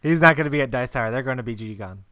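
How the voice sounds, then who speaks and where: A man's voice: mid-range voice, lively intonation, very fast, a bit bright, clear, resonant tone, no echo, clean studio sound, distant mic. A man co-hosting a podcast, dropping in laughing, apologetic remarks in casual chat. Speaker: podcast co-host.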